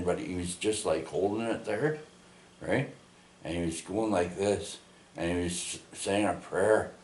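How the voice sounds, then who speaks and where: A man's voice: deep voice, slight background noise. A man telling a rambling personal testimony, full of restarts and tag questions like "eh" and "right". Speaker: storyteller giving testimony. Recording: echoey room.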